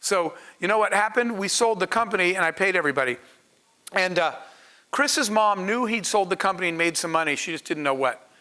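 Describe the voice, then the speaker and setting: A man's voice: sits high, animated, fairly quick, pushed and bright. A man, a startup founder, telling a story to an audience in an earnest, conversational way with asides to the crowd. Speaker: startup founder speaking on a panel.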